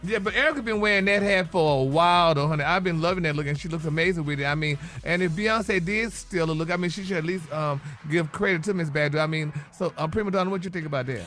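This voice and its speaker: A man's voice: fairly high pitch, quick pace, hardly any pauses, a bit bright, soft background music. A man reading celebrity gossip on a radio morning show, sassy, peppering every phrase with "honey" and "baby". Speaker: celebrity news reporter.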